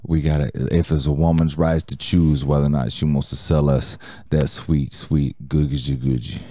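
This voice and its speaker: A man playing a brash, crude late-night radio DJ in an improvised parody show, talking in loud, swaggering, vulgar jive banter. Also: rumbling low, level tone, normal speed, no room sound, studio quality.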